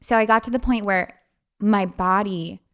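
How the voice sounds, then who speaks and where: A young woman as a podcast guest, telling personal stories in a chatty way with lots of fillers and quick laughs. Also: mid-range voice, fairly even intonation, fairly bright tone. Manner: chatty, frequent fillers, quick laughs, acts out quoted voices. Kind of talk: casual storytelling.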